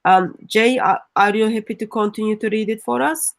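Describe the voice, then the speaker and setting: Woman co-host, earnest and firm, fairly high voice. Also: normal speed, vocal fry. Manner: earnest, firm, with restarts and non-native grammar. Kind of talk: live discussion stream.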